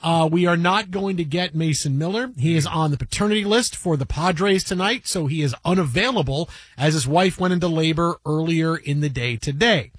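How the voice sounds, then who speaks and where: High-voiced, animated male radio host. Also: moderate pace, few pauses, no echo. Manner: animated storyteller who acts out quotes and repeats words. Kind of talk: sports radio chat.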